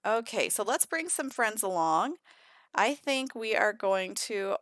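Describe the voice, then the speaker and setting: A woman giving casual let's-play commentary, chatting about her sims and voicing their conversations in quick asides. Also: mid-range voice, lively intonation, a bit bright, no room sound, clean studio sound. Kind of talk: casual gameplay commentary with voiced character dialogue.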